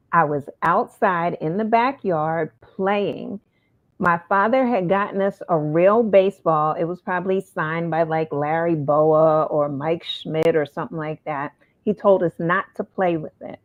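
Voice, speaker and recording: A woman hosting an interview, telling a personal story in a lively way and acting out the voices of the people in it. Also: lowish voice. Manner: animated, acts out quoted voices. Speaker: host. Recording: phone-like narrow sound.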